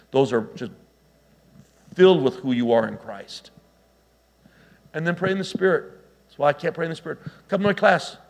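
A middle-aged man delivers a sermon in an animated, storytelling manner. He breaks off into chatty asides to the congregation. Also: on the high side, gravelly. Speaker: pastor.

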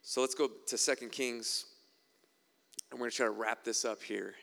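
Guy preaching in a big echoey hall, kinda gravelly, chatty with little wry asides between bible readings. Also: mid-range voice, steady tone, normal speed, fairly bright tone. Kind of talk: sermon with scripture reading.

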